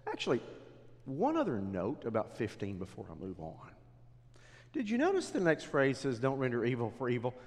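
A middle-aged male pastor preaching a sermon in a church, dropping low and then rising to emphatic exhortation. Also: huge pitch swings, normal speed. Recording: long hall reverb.

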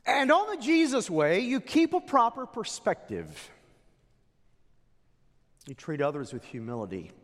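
A man's voice: sits high, huge pitch swings, unhurried, pauses often, long reverb tail. Male preacher with a wildly swinging voice. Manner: dramatic preaching, swings from loud to hushed. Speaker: pastor. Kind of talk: sermon.

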